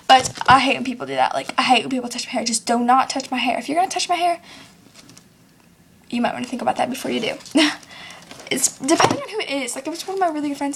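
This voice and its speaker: High-pitched chatty teen girl vlogging. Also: fast, a little hiss or hum. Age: teens. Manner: chatty, lots of "like", acts out others in quotes. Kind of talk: casual vlog rant.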